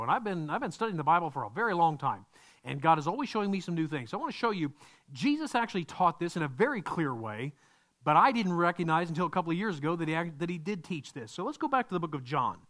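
Animated male preacher, slightly high voice. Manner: animated, acts out quoted voices, asks the congregation questions. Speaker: pastor. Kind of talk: sermon.

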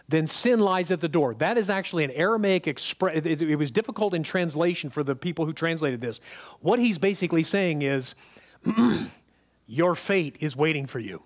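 A man whose voice sits fairly high preaches at a moderate pace with lively intonation. His sermon feels like a conversation, with frequent check-ins with the congregation and words repeated for emphasis.

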